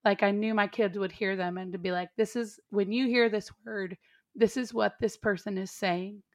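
Mom chatting casually, rambly, lots of "like", mid pitch. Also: female voice, steady tone, moderate pace. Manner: rambling, searching for words, frequent "like". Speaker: interview guest, parent. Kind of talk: casual conversation.

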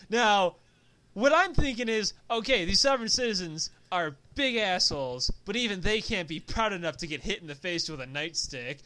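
A man's voice: sits high, lively intonation, moderate pace, bright, forceful tone, smooth. A man telling stories in casual chat, rambling and profane, with lots of filler words. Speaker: storyteller.

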